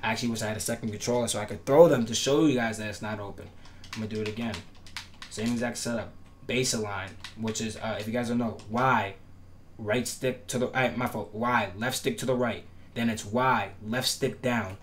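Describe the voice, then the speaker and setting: A man's voice: lowish voice, fairly even intonation, a little fast, a little hiss or hum. A man explaining defensive setups in a casual gameplay tutorial, emphatic and repetitive, his voice cracking at times. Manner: instructive, repetitive, emphatic promises. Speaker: gaming tutorial creator.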